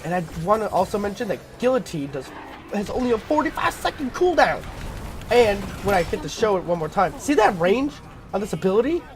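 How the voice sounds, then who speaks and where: High-voiced man rambling over gameplay. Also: big pitch swings, a little fast, slight background noise. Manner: rambling, filler-heavy, thinking aloud. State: sick, clearing throat. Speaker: gameplay commentator. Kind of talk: casual gameplay commentary.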